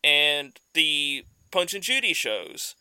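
A man co-hosting a podcast who summarizes a film's plot in a measured, explanatory way. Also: on the high side, very animated, sharp tone, clear, resonant tone, no echo. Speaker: podcast co-host. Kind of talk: casual film review chat.

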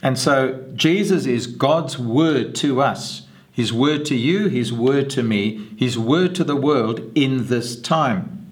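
Male Bible teacher, mid-range voice, measured delivery that leans on repeated phrases. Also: medium pitch.

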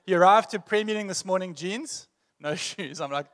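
A man's voice: fairly high pitch, fast talker. Joking man introducing a speaker. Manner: joking, relaxed, with many fillers. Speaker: church leader introducing the speaker.

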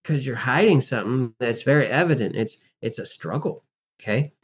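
A man's voice: mid-range voice, animated, normal speed, husky. A man talking as a guest in an interview, an acting and life coach who speaks emphatically and animatedly and teaches through rhetorical questions. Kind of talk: casual interview talk.

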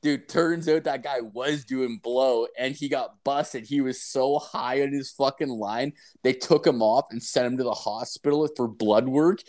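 Young guy, casual storyteller, loose and profane, full of filler, mid-pitched. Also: a little slow, few pauses, darkish tone. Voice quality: profane, rambling, heavy with filler words. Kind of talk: casual chat.

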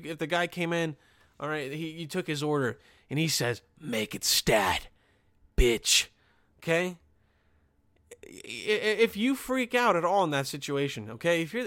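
A man's voice: a little high, a bit bright, dry recording, clean studio sound. A young man hosting a podcast, ranting casually and profanely with lots of restarts and sarcastic asides. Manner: frequent restarts and "okay?" asides. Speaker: podcast host.

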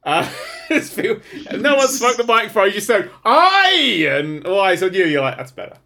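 A man co-hosting a casual podcast chat. His voice sits high and swings widely. He is animated and sweary, and he laughs often. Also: normal speed. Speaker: podcast co-host.

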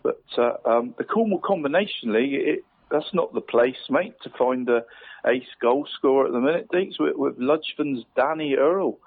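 A man phones into a radio sports show with his league round-up, stumbling and repeating words as he goes. His voice sits at an ordinary middle pitch and comes through a thin, tinny phone line. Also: normal speed, creaky. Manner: hesitant, repeats words, says "mate" constantly. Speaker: football league pundit.

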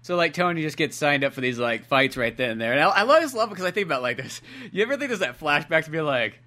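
A man's voice: on the high side, big pitch swings, fast, sharp tone. A young man co-hosting a podcast in casual chat, rambling and acting out film characters. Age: young adult. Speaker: podcast co-host.

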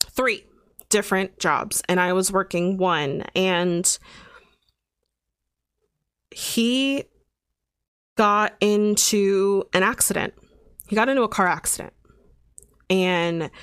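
A woman's voice: lowish voice, no echo, studio quality. A young adult woman hosting a podcast, telling a personal story in an earnest, confessional and emphatic way. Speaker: podcast host.

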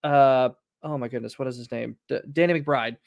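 A man's voice: mid-range voice, moderate pace, vocal fry, no echo, lo-fi sound. A man co-hosting a casual podcast, easygoing and chuckling as he tells stories. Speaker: podcast co-host.

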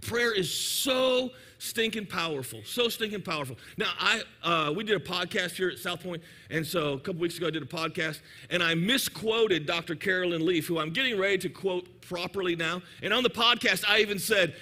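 A man preaching a lively, joking sermon in church, sometimes shouting for emphasis. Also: sits high, fairly quick, few pauses. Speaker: pastor. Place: church sanctuary.

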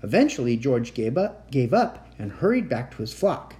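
Man with a mellow, lively storytelling voice. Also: mid-range voice, moderate pace. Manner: expressive, gentle read-aloud. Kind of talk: bedtime story reading.

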